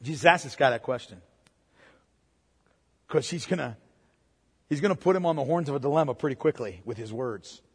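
A man's voice: mid-range voice, brisk, long pauses, husky, long reverb tail. A pastor preaching a sermon in a conversational way, firing off rhetorical questions and calling listeners "man.".

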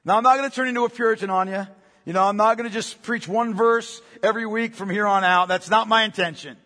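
A man's voice: sits high, fairly even intonation, fast, pushed and bright. A man preaching a sermon as pastor, earnest and emphatic, piling up rhetorical questions and checking in with his listeners. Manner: earnest, emphatic, asks many rhetorical questions, often adds "right?". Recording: long reverb of a large hall.

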